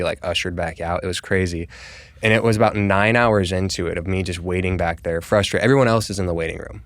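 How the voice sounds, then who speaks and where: A young Colorado real estate agent, a guest on a podcast, tells a long personal story in casual, conversational chat, full of "like" and acted-out dialogue. His voice is low, with no room sound.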